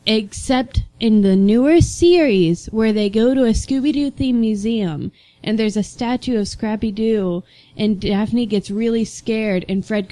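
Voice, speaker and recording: A woman's voice: mid-range voice, no room sound, rough recording. A woman co-hosting a casual podcast chat, telling stories with lots of laughter. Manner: animated, laughing storyteller. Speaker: podcast co-host.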